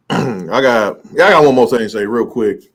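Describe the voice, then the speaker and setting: A man's voice: mid-range voice, moderate pace, slightly rough. A man in casual podcast chat, hesitant at first, then emphatic.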